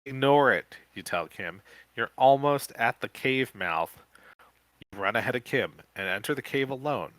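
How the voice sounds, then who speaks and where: A man co-hosting a podcast, reading a gamebook aloud live in a casual way, with quick joking asides. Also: mid-range voice, expressive, fairly bright tone, no echo.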